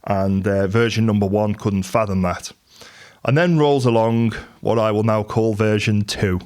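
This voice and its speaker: A middle-aged man talks straight to camera about business, in a candid, storytelling way. His voice sits on the lower side, and the talk is unscripted and conversational. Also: fairly even intonation, unhurried, a little mellow, clear, resonant tone. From England. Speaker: business and property coach.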